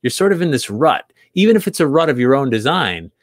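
A man's voice: mid-range voice, big pitch swings, brisk, no room sound, clean studio sound. A man in his forties from New England, an author guest telling his story in a casual, earnest, reflective way, often repeating words as he restarts. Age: 40s.

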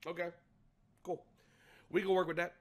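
A young man hosting a show, telling a profane comic story, laughing hard and acting out quotes in a low voice. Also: level tone, normal speed, a little mellow, dull audio.

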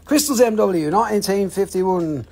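On a live sales stream, a seller with a husky, slightly breathy, middle-pitched voice keeps up loose, jokey, unscripted patter, swearing freely and rambling between prices. The delivery is expressive, measured in pace and a little mellow.

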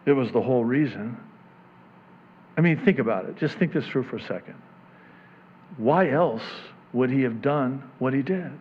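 A man preaching a sermon as a pastor, swinging from hushed near-whispers to loud, impassioned preaching. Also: medium pitch, expressive, moderate pace, long pauses, breathy edge, highs cut off.

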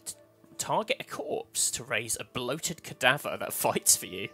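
A man's voice: mid-range voice, animated, measured pace, bright, forceful tone, soft background music. A man co-hosting a let's play, chatting casually and joking with his co-host as he plays. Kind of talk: casual gameplay chat.

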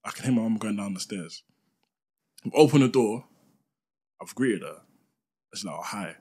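A young man chats on a podcast in a husky, slightly breathy voice. He is relaxed and full of slang, and he laughs often while telling a story. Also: fairly low pitch, moderate pace. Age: young adult. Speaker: podcast co-host. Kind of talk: casual chat, storytelling.

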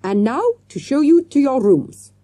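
A woman voicing an excitable, fussy French male hotel manager who is eager to please, in a storybook reading. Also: high-pitched, unhurried, no room sound, voice pushed up. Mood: effusive. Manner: effusive, flustered, eager to please.

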